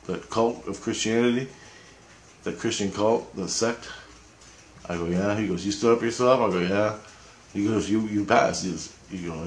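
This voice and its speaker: Lowish guy rambling on about a dream, swears a lot, loops back on himself, roomy echo. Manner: rambling, profane, repeats himself. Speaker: vlogger. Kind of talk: rambling spoken account of a dream. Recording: echoey room.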